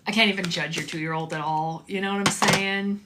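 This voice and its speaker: A woman's voice: medium pitch, steady tone, brisk, background noise. A woman hosting a live stream, chatting upbeat and casually with viewers while making slime.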